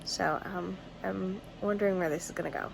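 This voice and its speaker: A woman's voice: on the low side, steady tone, normal speed, creaky, noisy background. A young woman vlogging about a book in a casual video diary, rambling and gushing with lots of fillers and restarts.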